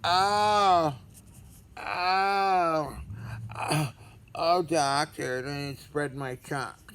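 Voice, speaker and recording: Figure: a man putting on a silly moaning patient. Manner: drawn-out, exaggerated cries. Pitch: high falsetto. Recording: noisy hiss. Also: steady tone, fairly bright tone, full character voice. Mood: mock moaning. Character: man moaning theatrically at his doctor, silly.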